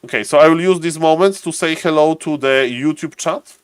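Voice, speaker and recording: A man's voice: a little high, a little fast, clear, resonant tone, no echo. Chatty male streamer, dry close sound. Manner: chatty, greets chat viewers by name, thinks aloud. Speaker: streamer and caster. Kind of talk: casual live-stream chat.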